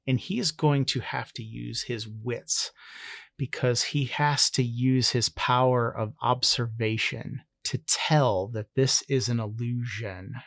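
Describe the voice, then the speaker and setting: A man telling a solo tabletop adventure at an unhurried, deliberate pace. His mid-pitched voice is recorded dry and close, with no room sound, and he often pauses to think aloud about the rules. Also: vocal fry, dry recording. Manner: measured, storytelling, thinks aloud over rules. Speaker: solo game master and player. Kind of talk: narrating a solo tabletop game.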